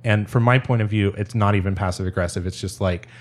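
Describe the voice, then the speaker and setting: A man with a lowish voice recounts a story in a casual podcast conversation. He rambles, restarts his sentences and often breaks into laughter. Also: steady tone, fast talker. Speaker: storyteller guest.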